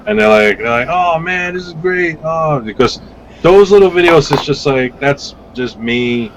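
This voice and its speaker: A man on a podcast as a guest vape reviewer, rambling through casual stories with lively acted-out quotes and some swearing. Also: fairly high pitch, unhurried, slight background noise, low-quality recording. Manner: rambling, animated storytelling with swearing.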